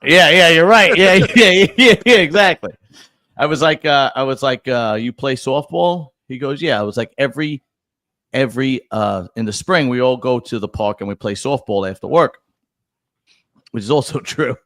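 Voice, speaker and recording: A middle-aged man spins crude, rambling stories into a podcast mic, circling back and restarting his lines as he goes. His voice sits at an ordinary middle pitch, and the sound is dry and close, with no room in it. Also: normal speed, no room sound. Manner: profane storyteller with many restarts. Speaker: podcast host. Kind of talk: casual chat.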